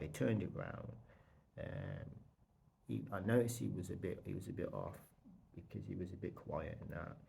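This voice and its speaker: Low gravelly British man rambling. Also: slight background noise. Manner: rambling, repeats himself, quotes others in animated bursts. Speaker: vlogger. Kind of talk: casual storytelling vlog.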